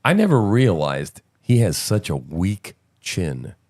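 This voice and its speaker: A man's voice: deep voice, very animated, slow, darkish tone. A man hosting a podcast in a casual, sarcastic, incredulous commentary style. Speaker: podcast host.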